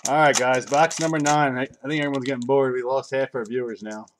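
Against a noisy background, a middle-aged man hosts a live card break, reading out cards and joking with viewers in casual chat. His medium-pitched voice is fairly even in intonation and fairly quick, with an offhand manner.

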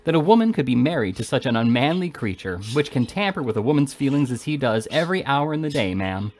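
A man's voice: medium pitch, sing-song, fast, slight background noise, voice pushed up, close to an everyday voice. Male reader doing scornful weepy victorian wife, scolding, voice swings up and down a lot. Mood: indignant. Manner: scolding and indignant.

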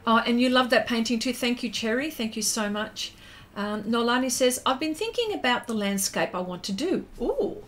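Painting live for her stream, a middle-aged Australian host reads viewer comments and chats casually with plenty of fillers and restarts. Her voice is higher, a bit bright, and lively in intonation at normal speed, with slight background noise.

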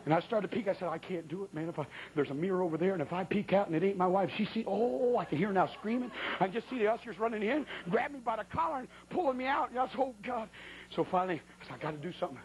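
A man preaching a sermon, telling a comic story with folksy, animated, exaggerated delivery. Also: sits high, very fast, slight background noise, rough recording.

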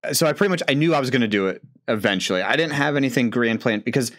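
A man's voice: mid-range voice, lively intonation, very fast, fairly bright tone. An easygoing man with a mid-range voice chats casually as a podcast co-host. He talks plainly and laughs along with his friends. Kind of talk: casual chat.

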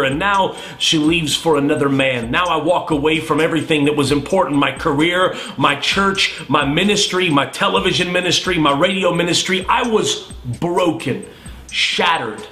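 A man with a high, bright voice delivers a testimony sermon with fervent, emphatic preaching. The recording carries a roomy echo. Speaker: minister.

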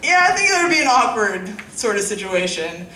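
A woman's voice: mid-range voice, very animated, brisk, sharp tone, distant mic, a little hiss or hum. A young woman performing a casual, profane stand-up set in a small club, with laughing asides. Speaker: stand-up comic. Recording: echoey club room, faint ambience.

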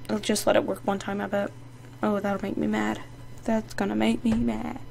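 Woman, gaming commentary, gravelly fry, faint hiss behind, keyboard clicks, desk mic. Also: medium pitch, normal speed. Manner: chatty, excitable, playfully sassy. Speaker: gaming channel host. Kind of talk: casual gameplay commentary. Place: indoor home setup. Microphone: desk microphone.

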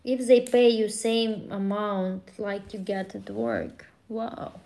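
Slow-talking woman streamer chatting casually. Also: mid-range voice, fairly even intonation, dark tone. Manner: rambling, laughing, with acted outbursts. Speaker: live streamer. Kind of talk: casual chat with viewers.

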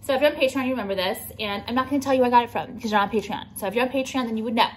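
A woman's voice: a little high, very fast, a little hiss or hum. Blunt, profane young woman ranting. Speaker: jewelry designer and vlogger. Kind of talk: casual ranting vlog.

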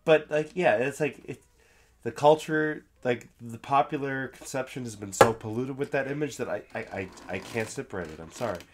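A man's voice: mid-range voice, moderate pace, slight background noise. A man co-hosting a casual podcast, drunk and sick, with sardonic, self-deprecating remarks. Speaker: podcast co-host. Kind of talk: casual chat.

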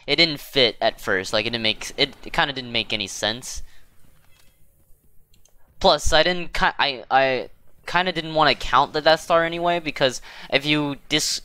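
Guy streaming a game, clear bright voice, rambly and self-deprecating. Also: mid-range voice. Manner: rambling, self-deprecating, lots of fillers and restarts. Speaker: gaming channel host. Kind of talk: casual gameplay commentary.

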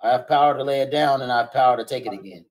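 A man's voice: medium pitch, very fast, crowd noise, poor audio. A man steadily reading King James scripture aloud for a Bible study. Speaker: scripture reader.

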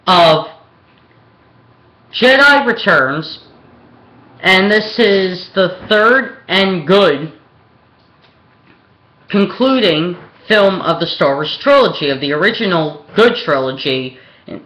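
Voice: mid-range voice, bright, forceful tone. A young adult vlogger from Pennsylvania delivering a rambling, hesitant film rant full of ums and restarts. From Pennsylvania, USA. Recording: echoey room.

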